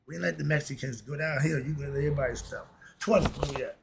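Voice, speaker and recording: A man's voice: fairly high pitch, fast talker, creaky, a little hiss or hum. A man casually reading a list of moral principles and commenting in a laid-back, chuckling way, with loose slang. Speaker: host.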